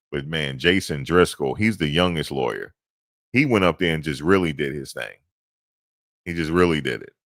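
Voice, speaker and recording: Low-voiced dude telling a story all animated, dry close sound. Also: male voice, dry recording. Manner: animated storytelling, slangy, repeats himself. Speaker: commentator recapping a court hearing. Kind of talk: casual recap.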